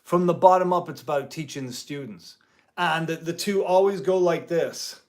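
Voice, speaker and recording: A man's voice: fairly high pitch, normal speed, a little mellow. A man hosting a guitar channel, talking casually and indignantly to the camera in a rambling way as a part-time music teacher.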